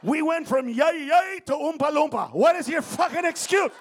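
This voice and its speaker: A middle-aged male comedian works a live stage set, his voice sitting high for a man. He rants in a profane rhythm and jumps into loud shouted bursts, addressing the crowd directly. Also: lively intonation, moderate pace. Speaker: stand-up comedian. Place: stage before a live audience.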